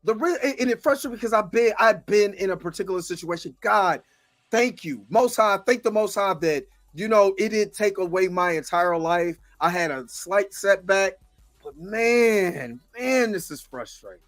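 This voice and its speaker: A US host vents on a livestream in a high, fairly bright voice with lively intonation and normal speed, faint music behind him. The commentary is impassioned, with repetition and viewers thanked by name.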